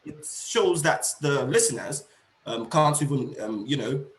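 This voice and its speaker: A middle-aged man presenting an online teacher-training seminar, explaining points slowly and rephrasing them, with fillers. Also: medium pitch, animated, roomy sound.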